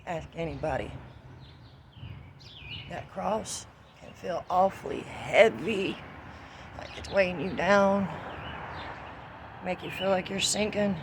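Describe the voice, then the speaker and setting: A woman's voice: lowish voice, takes it slowly, pauses often. A woman with a Southern US accent rambling through a casual, profanity-laced monologue outdoors in the wind. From Southern United States. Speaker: vlogger.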